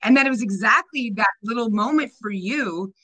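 A woman's voice: fairly high pitch, normal speed, pushed and bright. A woman speaking earnestly and enthusiastically in a casual podcast conversation. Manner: enthusiastic, earnest, spiritual talk.

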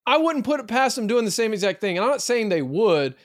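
A high-voiced man talks college football on a podcast, quick to opinions and full of restarts. The sound is close and dry, with no room around it. He keeps it casual and animated. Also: dry recording. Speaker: podcast co-host. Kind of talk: casual sports talk.

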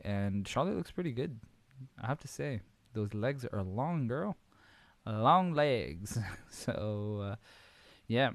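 A male podcast host giving a casual, rambling wrestling recap full of swearing, fillers and quick impressions. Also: fairly low pitch, no echo.

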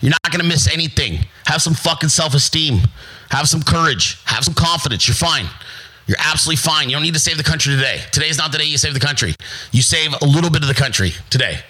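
A fairly high, husky voice, pushed and bright, carries this American host's quick, lively motivational monologue on his own show. He's brash, profane, emphatic and repetitive, mocking people in put-on voices, and the audio quality is poor.

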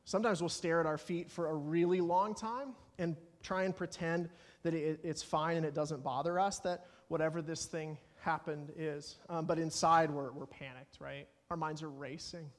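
A man's voice: a little high, fairly even intonation, moderate pace. A man preaching a sermon as pastor, talking in an earnest way and acting out anxious prayers. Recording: long hall reverb.

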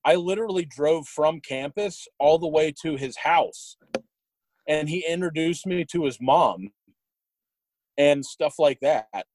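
A young man with a slightly high voice talks through old memories in a loose, rambling way and chuckles as he goes. The sound is close and dry, with no room around it. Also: unhurried, no room sound, low-quality recording. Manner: rambling, warm, chuckles while telling stories. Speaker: guest sharing memories. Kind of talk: casual storytelling.

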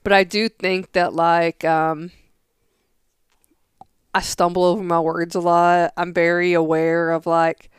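A woman's voice: on the low side, level tone, unhurried, pauses often, clear, resonant tone, no room sound, studio quality. A young woman co-hosting a casual podcast, rambling and arguing her point with many fillers. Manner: rambling, argumentative, filler-heavy. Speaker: podcast co-host.

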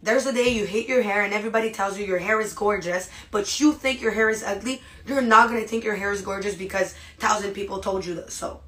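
A woman hosting a podcast, giving a motivational monologue straight to her listeners, dramatic and animated, with many rhetorical questions. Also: medium pitch, a little fast, few pauses. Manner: animated and dramatic, acts out inner voices. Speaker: podcast host.

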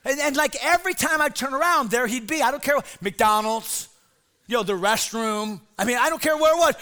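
Animated high-voiced male pastor. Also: fairly quick. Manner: animated storyteller, shouts put-on voices. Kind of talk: comic sermon to teens.

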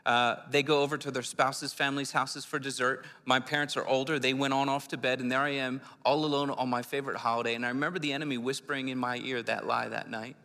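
A man's voice: medium pitch, level tone, fast talker, few pauses, pushed and bright. A man from Philadelphia preaching a sermon, telling his own testimony in an earnest, conversational way. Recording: long hall reverb.

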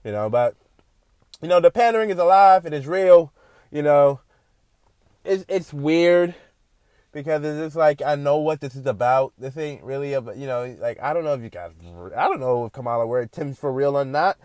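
A man hosting a podcast, talking in a loose, animated ramble full of fillers. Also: a little high, normal speed, no echo. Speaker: podcast host. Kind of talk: casual monologue.

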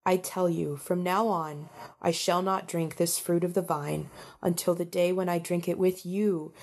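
A woman reading the lines of a calm, tender grown man who speaks with measured solemnity in a spoken story. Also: fairly low pitch.

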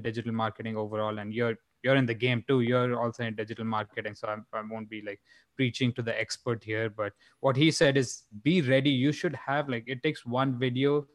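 Young male comic from India, casual chat, mid-pitched, rambling, dry booth sound. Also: no echo. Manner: rambling, with many fillers and restarts. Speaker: stand-up comedian and podcast guest.

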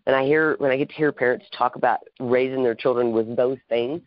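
A man's voice: medium pitch, steady tone, fairly quick, dry recording. A man hosting a podcast, chatting with his guests in an earnest, reflective way. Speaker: podcast host. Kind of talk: casual interview chat. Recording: dull, dry sound.

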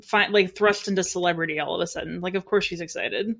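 A woman's voice: fairly low pitch, quick pace, gravelly, fairly bright tone. A woman co-hosting a casual podcast, chiming in with wry jokes and laughter. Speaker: podcast co-host. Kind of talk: casual chat.

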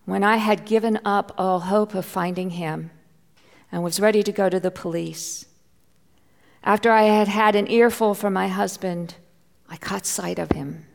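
A woman's voice: medium pitch, steady tone, unhurried, gravelly, big-room sound. A middle-aged woman pastor preaching a sermon, telling a personal story with heartfelt feeling and sometimes dropping to a near whisper. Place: church.

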